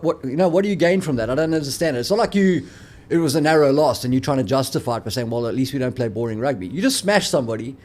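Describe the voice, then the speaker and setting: A man's voice: fairly high pitch, a little mellow. A man co-hosting a casual sports chat, teasing and joking and often saying "mate". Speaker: podcast co-host.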